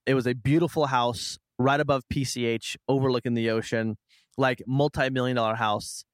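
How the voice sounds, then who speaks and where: A man casually telling a long personal story as a guest, chatty and animated, acting out what people said. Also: mid-range voice, moderate pace, no echo. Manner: chatty, animated retelling with quoted asides. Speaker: podcast guest.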